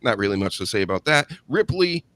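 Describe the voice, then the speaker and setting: A man's voice: medium pitch, sing-song, quick pace, fairly bright tone, dry recording. A man hosting a wrestling podcast in casual chat, blunt and sarcastic, swearing freely. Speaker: podcast host.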